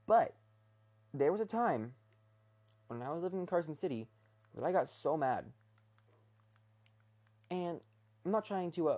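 A man's voice: on the high side, expressive, unhurried, long pauses, a little mellow. A young man rambling casually in his bedroom, talking hesitantly with many restarts and fillers. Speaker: vlogger.

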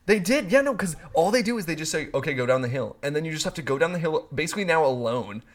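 A man's voice: fairly high pitch, expressive. A young man co-hosting a podcast in casual chat, full of joking quips. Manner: joking banter, quick quips. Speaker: podcast co-host.

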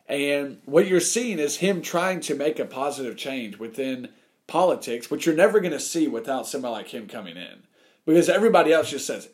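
Brief: man, casual opinion podcast, very animated delivery, wide pitch swings, acts out quotes. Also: a little fast.

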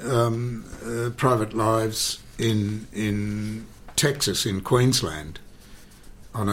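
A man, a stage actor telling theatre anecdotes in an interview, animated and dramatic with deliberate pauses and repeated words. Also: fairly low pitch. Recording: faint background noise.

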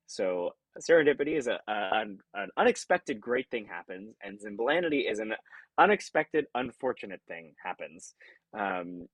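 A man from California, an actor talking as a podcast guest in an earnest, reflective way, acting out remembered thoughts with sudden jumps in pitch. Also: sing-song, moderate pace, a bit bright, no echo, poor audio. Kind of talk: conversational interview.

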